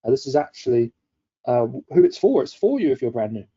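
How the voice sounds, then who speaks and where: A man's voice: medium pitch, very animated, brisk, mellow, husky, highs cut off. Upbeat man hosting a live stream. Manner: upbeat, chatty, reads viewer comments aloud. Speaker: webinar host. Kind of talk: live-streamed coaching session.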